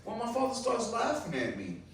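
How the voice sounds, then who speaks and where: A Puerto Rican man does a stand-up set at an open mic in a small comedy club, speaking fairly quickly over a slight hiss or hum. His delivery is loose and rambling, full of fillers, and his voice climbs high when he gets excited. The mic sits far from him in an echoey room.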